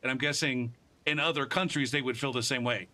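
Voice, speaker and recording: A man's voice: mid-range voice, steady tone, brisk, bright, forceful tone. A man streaming a game live, chatting casually in a rambling, profane way with many restarts.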